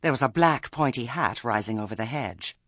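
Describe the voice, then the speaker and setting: A man's voice: mid-range voice, animated, fairly quick, fairly bright tone, no echo. A man reading a comic story aloud with a dry, wry delivery. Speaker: audiobook narrator. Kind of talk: storybook narration.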